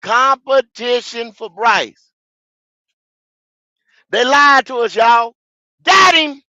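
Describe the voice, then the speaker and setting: A man, hosting a fan podcast, ranting in a profane, repetitive way with sudden shouts. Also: very high voice, slow, no room sound, highs cut off. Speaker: podcast host. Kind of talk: football fan podcast rant.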